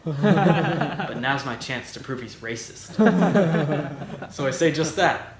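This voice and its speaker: A young man telling a stand-up comedy story in a deadpan way, acting out the people he quotes. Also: on the high side, slow pace, long pauses, a little hiss or hum. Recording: echoey room with crowd laughter.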